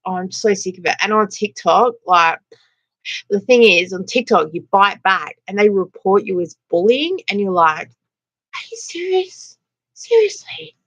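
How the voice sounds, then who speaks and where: A woman's voice: mid-range voice, normal speed, fairly bright tone. A middle-aged Australian woman hosting a casual livestream, chatting and laughing as she greets viewers by name. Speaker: livestream host. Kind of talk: casual livestream chat reading comments.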